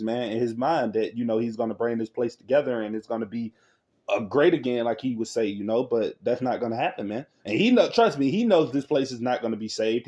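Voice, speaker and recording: A man's voice: medium pitch, warm tone, dull audio. A man in casual commentary reacting to a news clip, laughing often, speaking in loose slangy talk and reading scripture aloud. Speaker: religious online commentator.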